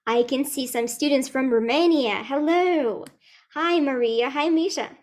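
A young woman teaching English to children in a live online lesson, speaking slowly and repeating words for learners. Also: sits high.

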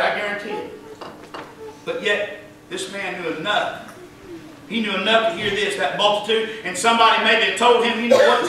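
A male pastor preaches with fervor, swinging from hushed asides to ringing calls. His voice sits unusually high and bright. It rings around a big, echoing church, caught from well back. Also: slight background noise. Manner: fervent preaching, rising to loud cries. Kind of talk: sermon. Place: church sanctuary. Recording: echoey church heard from a distance.

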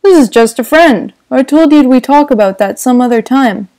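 Woman doing a smooth charming rich guy, reassuring, a bit high and mellow. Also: lively intonation, moderate pace, dry recording. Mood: hurried. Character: charming, evasive young rich man. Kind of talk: audiobook reading.

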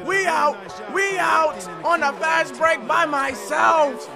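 Young guy trash talkin over his basketball game, high gravelly voice, yelling and ranting, game music going behind. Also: slow. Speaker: gaming YouTuber. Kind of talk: live gameplay commentary.

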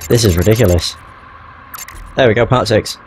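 A man's voice: on the low side, moderate pace, a little hiss or hum. A man casually commentating a video game playthrough, chatty and jokey, with the odd swear. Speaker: gamer.

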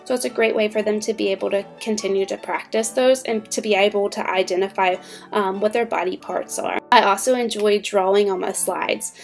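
An upbeat woman teacher talks fellow teachers through classroom tips in a clear, explanatory way. Her pitch sits in an ordinary middle range. Faint music plays quietly behind her. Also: fairly even intonation, a little fast. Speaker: online ESL teacher. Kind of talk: instructional talk to fellow teachers.

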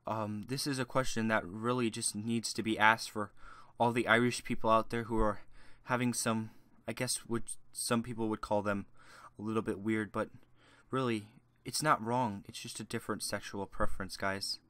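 A man's voice: lowish voice, steady tone, normal speed, dry recording. A young man doing a crude, rambling joke Q&A as a YouTuber, swinging from ranting to mumbling. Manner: crude, rambling, shifts between shouting rants and mumbling. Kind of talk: joke Q&A monologue.

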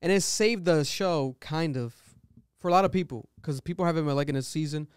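A young podcast host talks in an animated, slangy, swearing style at a slightly high pitch. His voice is smooth and clear into a studio microphone. The room sound is dry and close. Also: brisk, no echo. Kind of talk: casual chat.

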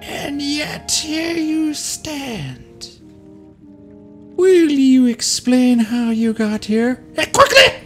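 A woman's voice: high voice, very animated, very slow, fairly bright tone, faint music behind, pitched above the performer's own voice, full character voice. A woman doing a haughty, prim water dragon. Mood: imperious. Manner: haughty, formal declaiming. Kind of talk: let's play voice-over.

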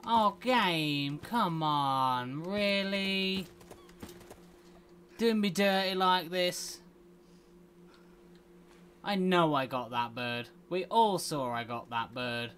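A man's voice: a little high, extremely slow, long pauses, a bit bright, slight background noise. A man hosting a gaming channel, chatting casually and playfully grumbling as he plays. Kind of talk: casual let's play commentary.

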